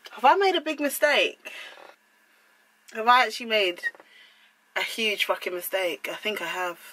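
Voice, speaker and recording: A woman's voice: medium pitch, lively intonation, normal speed, pushed and bright, a little hiss or hum, low-quality recording. A young woman vlogging at home, flustered and exclaiming in disbelief as she swears her way through cutting her hair. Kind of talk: casual vlog.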